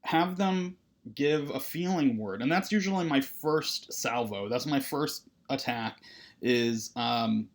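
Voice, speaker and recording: Therapist lecturing counseling students, medium-pitched male voice, relaxed and conversational, peppers his talk with "right?". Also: slow. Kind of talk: recorded lecture.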